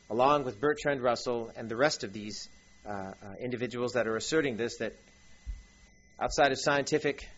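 A man preaching a lecture-style sermon with a husky voice, animated and full of asides. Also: medium pitch. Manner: animated, with asides and quick acted quotes. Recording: dull lo-fi recording.

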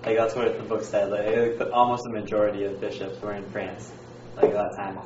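A man's voice: fairly low pitch, completely flat delivery, a little fast, a little mellow, highs cut off, a little hiss or hum. Distant, hesitant male student in an echoey classroom. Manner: hesitant, filler-heavy questioning. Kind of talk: classroom question.

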